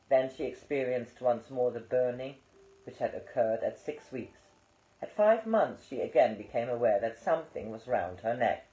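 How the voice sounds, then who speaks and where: A man reading an audiobook aloud in a calm, measured way. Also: medium pitch. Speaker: audiobook reader. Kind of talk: audiobook narration. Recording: roomy, slightly dull recording.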